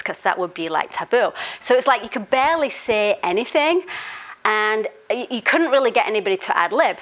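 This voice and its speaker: A woman's voice: medium pitch, a bit bright, rough recording. Giggly woman telling a story. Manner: chatty, giggly, lots of "you know" and "um". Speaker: author and storyteller. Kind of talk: casual anecdote telling.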